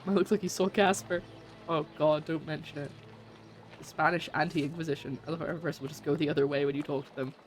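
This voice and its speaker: A woman's voice: sits low, steady tone, fast talker, a little hiss or hum. A woman chatting casually and giggling as she plays a game on stream. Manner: chatty, giggly, self-mocking. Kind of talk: casual gameplay chat.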